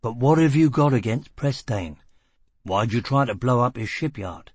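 A man voicing a self-assured, menacing male boss who talks in a brisk, mocking way. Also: medium pitch, animated, darkish tone, slightly rough, dry recording.

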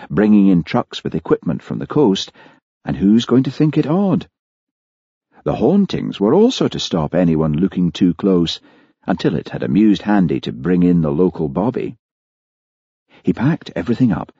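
Deep, husky male narrator. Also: mellow, no echo. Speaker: audiobook narrator. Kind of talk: scripted narration. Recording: dry, slightly dull studio recording.

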